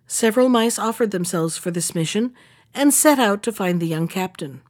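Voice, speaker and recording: A woman reading a fairy tale aloud, lifting her voice for the characters' lines. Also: normal speed. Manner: expressive, raises pitch for characters' lines. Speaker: storyteller.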